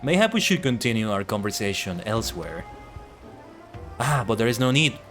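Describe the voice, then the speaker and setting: A man voicing a pompous, self-assured gentleman inspector with old-fashioned, theatrical phrasing, reading game dialogue aloud. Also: lowish voice, very animated, moderate pace, soft background music.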